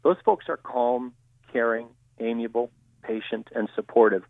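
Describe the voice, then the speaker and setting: A man who trains people in communication, answering interview questions in a steady, explanatory way. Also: mid-range voice, normal speed, gravelly, dry recording. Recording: tinny phone-line audio.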